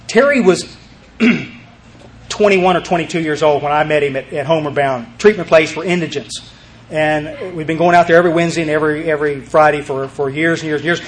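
A man with a high voice tells a recovery story to a group at a meeting. He speaks emphatically and rambles, repeating words and restarting.

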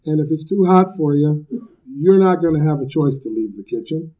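A man speaking at a recovery meeting about his own recovery, blunt and emphatic, loud at times and cracking jokes. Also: fairly high pitch, normal speed. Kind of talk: personal recovery talk. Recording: dull lo-fi recording.

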